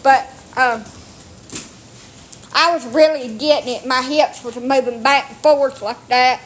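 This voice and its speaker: A woman's voice: high-pitched, fairly even intonation, unhurried, a little hiss or hum. A woman, telling a story in casual, blunt, salty, self-mocking talk while outdoors on rural land with her phone. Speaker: storyteller vlogger. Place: outdoors on rural property with dogs.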